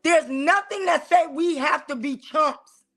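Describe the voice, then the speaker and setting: High-voiced sassy woman host. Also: measured pace. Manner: sassy, animated, talks straight to the audience. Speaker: talk show host. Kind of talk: casual preaching-style commentary.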